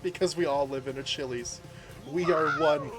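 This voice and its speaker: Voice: medium pitch, normal speed, over music. A game streamer chatting casually and rambling through a story, laughing often and greeting viewers by name. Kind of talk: casual livestream chat while gaming.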